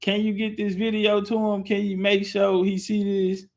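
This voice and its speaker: A man hosting a live stream, talking loosely and shouting out viewers. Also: high voice, monotone, normal speed. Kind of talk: casual live-stream talk.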